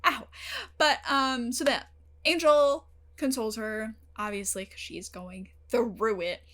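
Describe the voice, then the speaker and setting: A woman's voice: fairly high pitch, slow pace. A young woman hosting her own channel, talking casually and emotionally to the camera, full of fillers and the odd swear word. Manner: emotional, animated, heavy use of fillers and swearing. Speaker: reaction channel host. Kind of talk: casual talk to camera about a TV episode.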